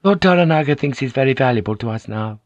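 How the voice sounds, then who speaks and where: A male reader voicing a poised, courteous samurai noblewoman who speaks softly and formally. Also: mid-range voice, lively intonation, fast, no room sound, muffled recording, pitched above the performer's own voice, lightly acted. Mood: polite. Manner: soft, formal and deferential.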